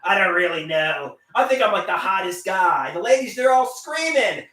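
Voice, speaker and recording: A man chatting on a live stream in a goofy, self-mocking way, breaking into shouted silly songs. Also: sits high, very animated, moderate pace, recorded from a distance, heavy background noise. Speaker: livestreamer. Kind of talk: rambling live stream chat with silly singing. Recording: echoey room, voice set back from the mic.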